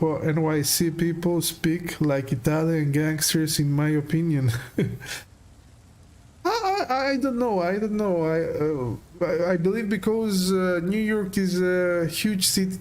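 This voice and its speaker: A man's voice: on the high side, a little mellow. A man casually commenting while he plays a video game, hesitant, with many fillers, restarts and laughs. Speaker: game streamer. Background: faint game music.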